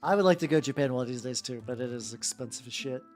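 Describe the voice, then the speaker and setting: A woman's voice: extremely low pitch, very fast. A woman streaming as she paints miniatures, chatting casually with her viewers, greeting them by name, laughing and swearing freely. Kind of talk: casual livestream chat. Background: soft background music.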